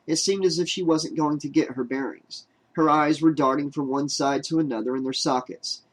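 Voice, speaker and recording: A man narrating a horror novelization as an audiobook, in a steady, measured reading. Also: a little high, poor audio.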